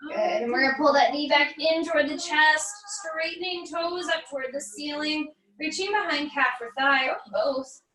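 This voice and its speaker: An American woman, a fitness instructor, calmly guiding a barre stretching class with encouraging cues and light jokes. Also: high-pitched, normal speed, echoey room, distant mic, poor audio.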